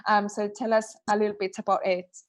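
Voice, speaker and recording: A woman hosting an online exhibition event on a video call, speaking hesitantly with many pauses and ums. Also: mid-range voice, level tone. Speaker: exhibition host.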